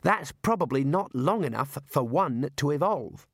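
A man's voice: a little high, animated, measured pace, breathy edge, no echo, clean studio sound, full character voice. A man voicing a patient, nervous young male wizard scholar who objects carefully.

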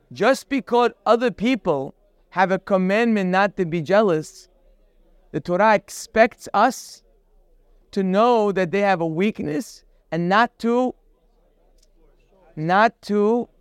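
A man teaching a daily Torah class, lively and full of rhetorical questions, reading Hebrew verses and explaining them. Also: high voice, clean tone, no echo, studio quality.

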